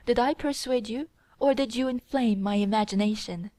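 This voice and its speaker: A woman's voice: a little high, normal speed, dark tone, no room sound, lightly acted. A woman voicing a cold, contemptuous young woman in an audiobook, speaking in a commanding way. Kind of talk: audiobook character reading.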